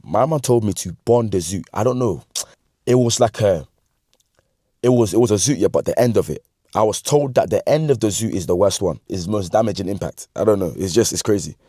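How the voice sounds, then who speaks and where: A man in his twenties with a London accent, telling a funny story from his youth in slangy, animated talk that he breaks up with laughs. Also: lowish voice, brisk, breathy edge, no echo, studio quality. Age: 20s. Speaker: vlogger. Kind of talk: comedic storytime.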